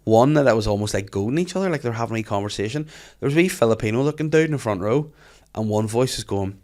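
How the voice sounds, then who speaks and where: A man hosting a podcast, telling animated stories in casual chat and swearing freely. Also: mid-range voice, quick pace. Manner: animated storytelling, frequent swearing. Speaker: podcast host.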